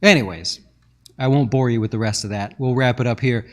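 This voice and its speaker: A man's voice: mid-range voice, fairly quick. A man hosting a casual stock market show, talking in a chatty, rambling way and answering viewer questions.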